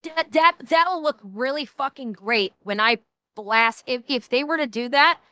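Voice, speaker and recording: Woman streamer with a high, bright voice and a dry, close sound; emphatic, ranting, swears freely. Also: animated, clear, resonant tone, no room sound. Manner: quick shifts between mocking and serious. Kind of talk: casual reaction stream commentary.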